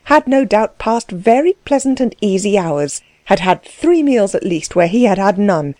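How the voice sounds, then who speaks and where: A woman narrating a classic novel with expressive, steady storytelling. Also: medium pitch, moderate pace, no echo. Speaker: audiobook narrator. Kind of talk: scripted narration.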